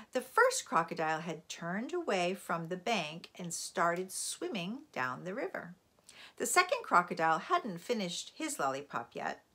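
A woman reading a children's chapter book aloud in an expressive storytelling voice. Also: medium pitch, husky. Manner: expressive storytelling, lively intonation. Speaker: library read-aloud reader.

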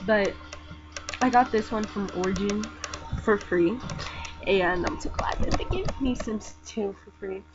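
Young woman gamer, soft and low-voiced, rambling chatty commentary over game music on a muffled mic. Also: a little slow. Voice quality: soft-spoken, talks low. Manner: rambling, chatty, lots of fillers. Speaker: gaming vlogger. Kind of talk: casual gameplay commentary.

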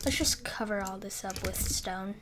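A woman's voice: mid-range voice, fairly even intonation, moderate pace, a bit bright, slight background noise. A young woman rambling through live gameplay commentary, flustered and breaking off mid-sentence. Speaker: gaming YouTuber.

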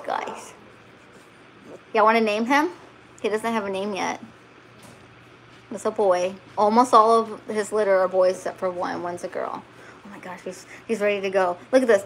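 A middle-aged woman talks casually at home while handling a husky puppy, laughing and fussing over it. Her pitch sits in a plain middle range, with faint background noise and dogs nearby. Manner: giggly, fussing and cooing at the puppy. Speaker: husky breeder. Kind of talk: casual vlog chat while handling puppies. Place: home, indoors by a couch.

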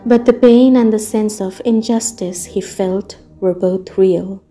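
Slow calm woman storyteller. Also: medium pitch. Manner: calm, measured narration. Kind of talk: audiobook reading. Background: soft ambient music.

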